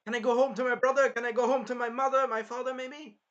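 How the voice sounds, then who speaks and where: A man's voice: high voice, lively intonation, slow, muffled recording, pitched above the performer's own voice, full character voice. A man acting out an angry, betrayed young male hero in exasperated outbursts during a casual recap. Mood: pleading, fed up.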